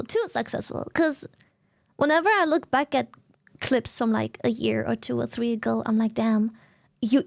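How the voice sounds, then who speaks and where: High-voiced German-accented woman streamer. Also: gravelly, no echo, studio quality. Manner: animated, slangy, swears freely. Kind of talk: casual stream chat.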